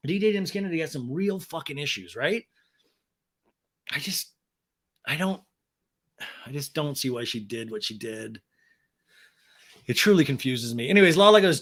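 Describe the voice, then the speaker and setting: A man hosts a comedy podcast, recapping reality TV with campy sarcasm and plenty of swearing. His voice sits high and sounds bright and forceful, and he slips into voices to act out the cast's lines. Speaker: podcast host.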